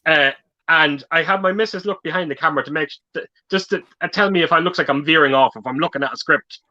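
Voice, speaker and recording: Bright-voiced man on dull audio. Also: a little high, fast. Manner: rambling storyteller, repeats words. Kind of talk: casual livestream chat.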